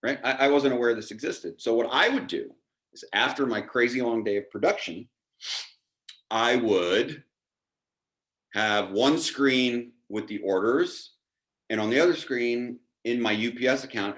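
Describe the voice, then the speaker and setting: A man telling a story as a podcast guest, animated and self-deprecating. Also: mid-range voice. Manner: animated, self-deprecating, acts out quoted dialogue. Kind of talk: casual storytelling.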